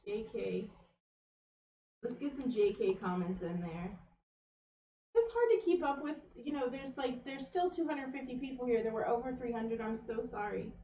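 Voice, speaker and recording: A woman co-hosting a livestream and reading the live chat, chatty and quick to apologize. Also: fairly high pitch, noisy background. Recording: roomy, distant, dull off-mic sound.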